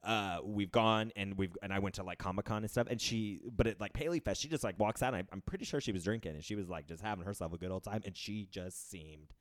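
Low-voiced man in his 30s, rambling. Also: fast talker, few pauses, no echo, clean studio sound. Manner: rambling, laughs often, trails off into fillers. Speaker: podcast co-host. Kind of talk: casual chat.

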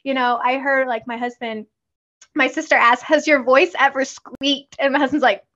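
A woman's voice: high-pitched, fairly even intonation, moderate pace, fairly bright tone, muffled recording. A woman co-hosting a casual podcast as a military spouse, bubbly and giggly, often mimicking others.

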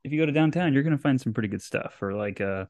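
A man's voice: mid-range voice, animated, fast talker, darkish tone, dry recording, clean studio sound. A man co-hosting a casual podcast, easygoing and hesitant, often circling back mid-sentence. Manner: easygoing, hesitant, full of fillers and restarts. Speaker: podcast co-host.

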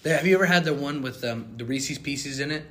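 A young man co-hosting a casual chat, animated and prone to sudden loud outbursts. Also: medium pitch, fast, crowd noise. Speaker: co-host.

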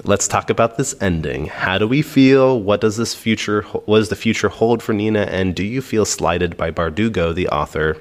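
Deep-voiced man musing on a book. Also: moderate pace, hardly any pauses. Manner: thoughtful, searching for words. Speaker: podcast co-host. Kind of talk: casual book discussion.

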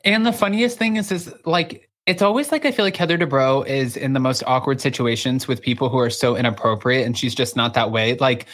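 A podcast co-host in casual chat, animated and gossipy, acting out what others said. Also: mid-range voice, fairly quick, few pauses. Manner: animated, gossipy, acts out quoted voices.

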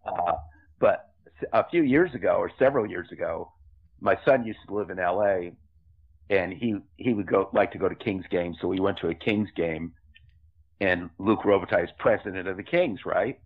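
A man's voice: sits low, normal speed. Older man on a tinny line. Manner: rambling, chatty storyteller with many asides. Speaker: film director guest. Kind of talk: anecdotal interview storytelling. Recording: tinny phone-like remote line.

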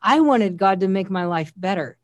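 A woman's voice: mid-range voice, expressive, moderate pace, no room sound, clean studio sound. A woman giving an earnest, heartfelt faith testimony as an interview guest, often quoting scripture. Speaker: guest sharing a personal testimony.

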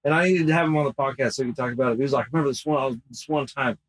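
A man's voice: medium pitch, racing, rough recording. A man hosting a casual podcast, swearing freely and acting out quotes as he tells stories. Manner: profane, laid-back storyteller acting out quotes. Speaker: podcast host and tattoo artist. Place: workshop.

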